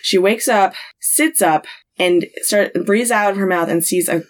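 A woman's voice: mid-range voice, a little slow, rough recording. A woman co-hosting a podcast, recapping a TV episode in a chatty, giggly way with many fillers. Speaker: podcast co-host.

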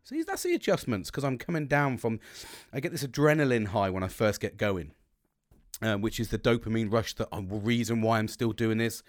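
A man's voice: fairly low pitch, sing-song, a little fast, no echo. A middle-aged man hosting his own podcast, rambling and swearing with a self-deprecating humour in casual solo chat. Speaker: podcast host. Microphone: close podcast microphone.

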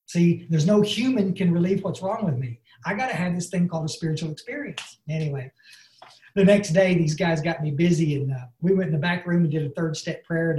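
This recovery speaker's voice is fairly high and mellow, and it carries an echo from the room around him. Speaking at an online meeting, he gives a sincere, homespun testimony about his recovery, leaning heavily on "and, uh."

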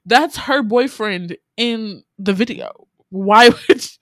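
A woman, casually recapping a TV series in animated, exasperated storytelling. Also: a little high, slow pace, no room sound. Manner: animated, swearing, exasperated storytelling with quoted reactions.

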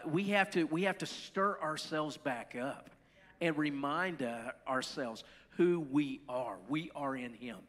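A man's voice: fairly high pitch, pushed and bright. Man preaching casually in a reverberant hall. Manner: conversational preaching, quick asides to the congregation. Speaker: pastor. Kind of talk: sermon.

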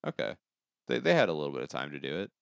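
Deep-voiced laid-back male podcaster. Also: huge pitch swings, very fast, vocal fry, smooth, dry recording, studio quality. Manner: rambling, laid-back, swears casually. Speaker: podcast co-host. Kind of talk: casual late-night podcast chat. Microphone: podcast microphone.

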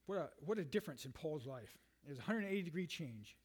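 A male pastor delivers a conversational sermon full of "you know"s and restarts, reading scripture aloud and then paraphrasing it in lively everyday language. His husky voice is a little high, and he talks fast with hardly any pauses.

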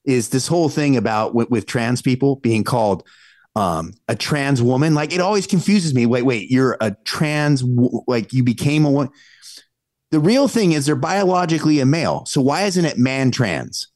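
A man co-hosting a live-streamed talk show, opinionated and casual, his pitch jumping up when he gets worked up. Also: animated, normal speed, darkish tone, no room sound, clean studio sound. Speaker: podcast co-host.

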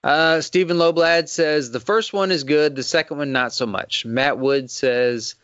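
A man's voice: on the high side, measured pace, a bit bright, clean tone, dry recording. A man with a Texas accent hosting a podcast, chatting casually, laughing often and swearing freely. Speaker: podcast host. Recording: dull lo-fi sound.

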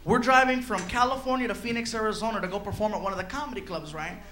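A man telling a stand-up story in an animated way, chuckling through his own lines. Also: sits high, fast, reverberant, slight background noise. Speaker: stand-up comedian.

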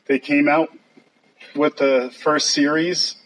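An older man, a puppet sculptor, telling lively anecdotes over slides with a husky voice, mimicking others and laughing often. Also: on the high side, slow, slight background noise, low-quality recording.

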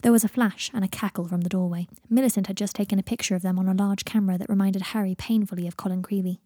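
Husky dark-voiced woman reading a story. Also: medium pitch, steady tone, fast, no room sound, clean studio sound. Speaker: audiobook reader. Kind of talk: fan fiction audiobook narration.

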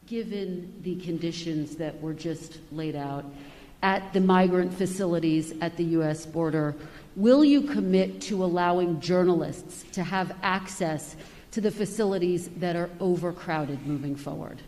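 Woman reporter; dark, mellow tone; pressing follow-ups, hall reverb. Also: on the low side, unhurried. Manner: pressing, insistent. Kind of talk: press conference question.

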